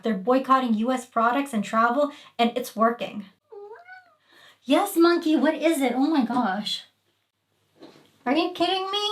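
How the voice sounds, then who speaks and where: A woman originally from Iraq, hosting a comedic political commentary with emphatic, indignant delivery. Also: on the high side. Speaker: host.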